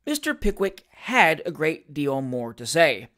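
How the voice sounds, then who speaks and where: A narrator reading a classic comic novel aloud at a measured pace. The storytelling stays even and unhurried. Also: mid-range voice. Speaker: audiobook narrator.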